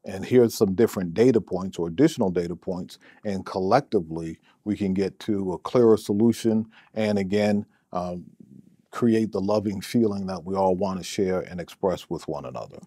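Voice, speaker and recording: Low, mellow-voiced male therapist. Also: no echo, clean studio sound. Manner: measured, repeats words while thinking. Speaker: therapist answering a listener question. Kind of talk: advice talk to camera.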